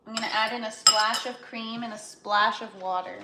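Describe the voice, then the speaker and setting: A woman's voice: on the high side, fairly even intonation, moderate pace, hardly any pauses, background noise. A woman hosting a casual home livestream from her grow tent and kitchen, chatting, laughing often and greeting viewers by name. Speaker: livestream host.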